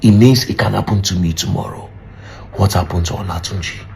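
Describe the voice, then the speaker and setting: A man's voice: sits low, a little fast, gravelly, a little mellow. A man making an impassioned, pleading appeal full of rhetorical questions. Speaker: commentator. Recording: faint background noise.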